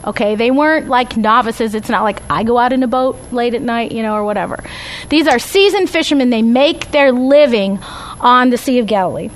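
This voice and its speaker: High-voiced woman teaching a Bible class. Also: brisk, slight background noise, poor audio. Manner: conversational, tags points with "right?" and "okay?". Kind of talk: Bible study lecture with slides.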